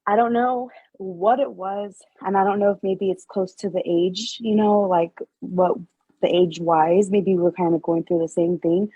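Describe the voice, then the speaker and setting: A woman with a mellow, husky voice shares her experience in a healing class. She speaks haltingly and emotionally, with many fillers. The sound is dry and dull. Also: fairly low pitch, no echo. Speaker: class participant and healer. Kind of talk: sharing in a group class.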